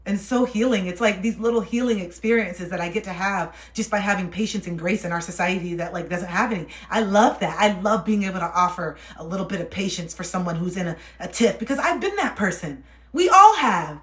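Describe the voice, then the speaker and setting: A woman's voice: medium pitch, a little fast, fairly bright tone. A young woman chatting casually on a livestream while reading cards for viewers, laughing often and soothing when she reassures. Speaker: livestream card reader. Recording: roomy echo.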